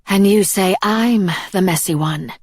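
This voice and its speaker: A woman's voice: mid-range voice, measured pace, a little mellow, no echo, clean studio sound, pitched above the performer's own voice, close to an everyday voice. A woman doing a breezy, mocking young woman. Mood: teasing. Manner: breezy, teasing.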